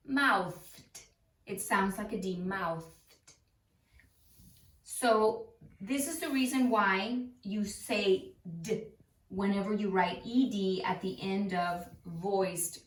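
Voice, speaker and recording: Woman teacher demonstrating word endings, unhurried delivery, recorded at some distance in an echoey room. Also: mid-range voice. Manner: slow, repeats sounds to demonstrate them. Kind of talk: phonics lesson. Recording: roomy, voice from off the mic.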